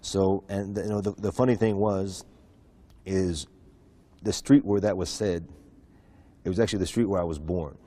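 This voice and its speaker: Man, deep and mellow, quick delivery, interview guest recounting his past. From USA. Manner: fast, animated storytelling with many fillers. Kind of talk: telling his conversion story.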